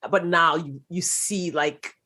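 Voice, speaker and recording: A woman hosting a podcast, gently prompting her guest with brief affirmations and questions. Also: on the low side, fairly even intonation, slow. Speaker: podcast host. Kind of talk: interview.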